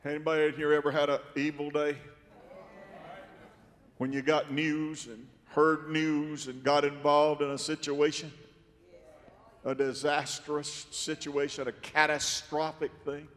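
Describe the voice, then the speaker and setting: A male pastor preaching a sermon, swinging from soft, quiet storytelling to dramatic shouting. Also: fairly high pitch, little pitch movement, a little slow. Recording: long reverb from a big hall.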